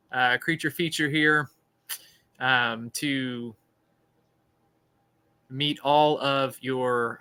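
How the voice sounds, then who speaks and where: A man's voice: medium pitch, bright, forceful tone, clear, resonant tone, low-quality recording. A man hosting a live stream, chatting casually and laughing at his own corny jokes. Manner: joking, rambling, laughs at own puns. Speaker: podcast host.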